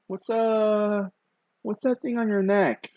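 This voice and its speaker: A man's voice: high-pitched, fairly even intonation, slow, a little mellow, pitched above the performer's own voice. A man putting on the voice of a nosy old juggler asking prying questions while retelling a story on a stream. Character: old male pizza-line juggler, nosy.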